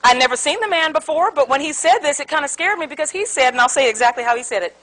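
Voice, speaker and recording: Woman seminar speaker, high and very expressive, animated storyteller who works the room with questions. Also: quick pace, low-quality recording. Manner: animated storyteller, acts out quotes, asks audience questions. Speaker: conflict resolution speaker. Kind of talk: interactive seminar talk. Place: seminar room with live audience.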